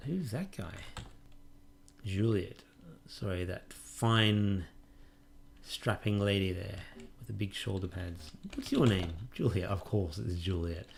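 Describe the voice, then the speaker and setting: A man's voice: on the low side, takes it slowly, vocal fry, pauses often, slight background noise. A man hosting a let's play, casually commenting on a game and reading its prompts aloud with wry musing.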